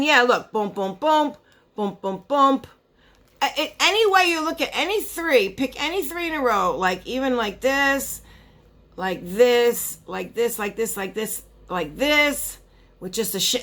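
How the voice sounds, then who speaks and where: Bubbly, lively woman beauty vlogger. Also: fairly high pitch. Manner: chatty and excitable, gasps and laughs, trails off into asides. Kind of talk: casual unboxing vlog.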